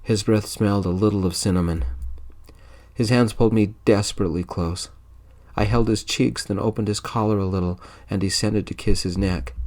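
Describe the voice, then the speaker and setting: A man tells a first-person story in a soft-spoken ASMR style. His very deep voice stays hushed and intimate, and his pace is slow and gentle.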